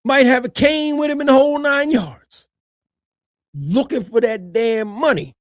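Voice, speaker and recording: High-pitched guy going off on a video, voice all over the place, dry close mic. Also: a little slow, no echo. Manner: animated, swings from low mutters to high shouts, colloquial. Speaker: commentator reacting to a video. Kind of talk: animated reaction commentary.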